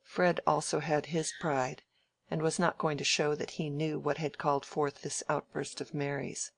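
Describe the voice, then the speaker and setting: An audiobook reader narrating a classic novel in a measured, quiet manner. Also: mid-range voice, little pitch movement, gravelly, no room sound.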